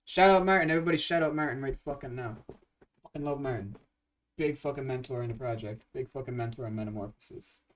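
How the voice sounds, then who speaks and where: Excitable young man rambling on a livestream. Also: mid-range voice, fast, distant mic. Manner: rambling, excitable, swears a lot, many restarts. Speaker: livestream host and game composer. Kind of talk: casual livestream chat.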